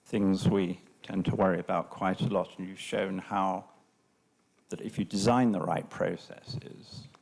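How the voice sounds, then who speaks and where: A man from the audience with a slightly croaky voice, asking a long, musing question. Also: low voice, a little mellow.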